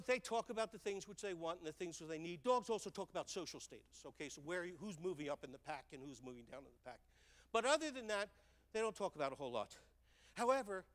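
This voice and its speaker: An older man giving a stage talk, telling lively stories and checking in with the audience with "right?" and "okay?". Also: high-pitched, big-room sound. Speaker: speaker. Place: large hall on stage.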